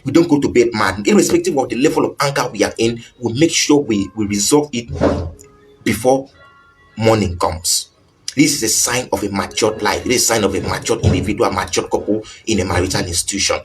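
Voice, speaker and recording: A man's voice: on the low side, brisk, soft background music, poor audio. A man giving an earnest, repetitive talk on marriage. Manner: earnest, repetitive, acts out little quoted exchanges. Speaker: relationship teacher.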